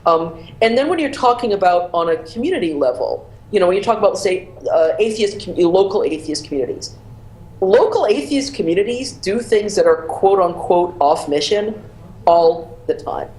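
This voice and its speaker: A woman's voice: mid-range voice, expressive, moderate pace, darkish tone, echoey room, rough recording. A woman author appearing as a guest on a panel discussion, arguing her points with passion and emphasis.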